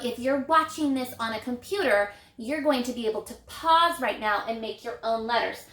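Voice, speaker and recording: A woman teaching an early reading lesson to young children, patiently stretching out and repeating vowel sounds in a clear, encouraging way. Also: sits high, a bit bright. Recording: echoey room.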